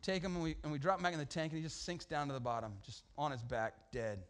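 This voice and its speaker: High-voiced pastor telling a story. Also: male voice, very fast, clear, resonant tone. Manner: animated, humorous, slangy storytelling with shouted outbursts. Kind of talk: storytelling sermon.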